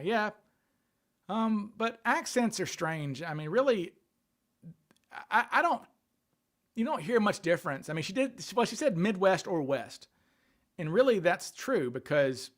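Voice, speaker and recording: A man's voice: fairly high pitch, a bit bright. A man hosting a casual livestream, thinking aloud and answering questions from viewer chat. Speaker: livestream host.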